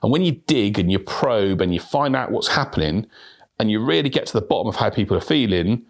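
Lively low-voiced man on a podcast. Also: a little fast. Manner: lively, repeats words when restarting, acts out example questions. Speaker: sales podcast host. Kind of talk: solo podcast talk.

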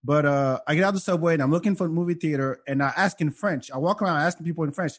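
A man's voice: fairly high pitch, fast talker, hardly any pauses. A man telling stories in a casual podcast chat, acting out the people in them. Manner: animated, acts out voices in stories. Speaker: comedian guest.

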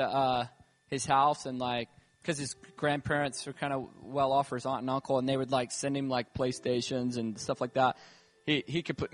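Rambling man preaching in a reverberant hall. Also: mid-range voice. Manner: casual, rambling storytelling with many fillers. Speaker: church leader. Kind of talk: sermon testimony. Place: church hall. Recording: reverberant hall with music behind.

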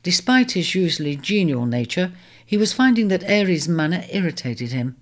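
A woman narrating a storybook in a measured, expressive reading. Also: lowish voice.

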